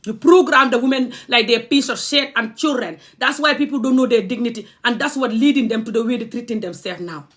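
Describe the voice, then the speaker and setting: A woman's voice: fairly high pitch, brisk, hardly any pauses, fairly bright tone. A young adult woman from the Gambia, ranting angrily on a livestream. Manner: impassioned, angry, confrontational. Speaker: vlogger. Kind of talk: livestream rant.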